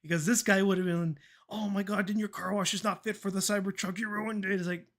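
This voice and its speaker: A young adult streamer with a mid-range voice talks fast in a steady tone. Chatting casually, they ramble through a story full of fillers and mild swearing, laughing and acting out what the people in it said.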